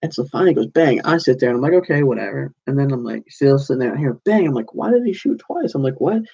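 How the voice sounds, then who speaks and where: Young man, gravelly husky voice, mellow tone, rambling casual podcast host, dull lo-fi recording. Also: mid-range voice, lively intonation, rapid-fire. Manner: rambling storytelling, many "like"s and self-corrections. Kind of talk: casual solo podcast recap.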